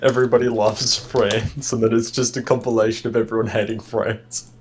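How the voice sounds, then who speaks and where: A man's voice: fairly low pitch, little pitch movement, fairly quick, a little mellow, slight background noise. Joking, profane young man chatting. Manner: joking, profane, laughs often. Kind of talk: casual chat.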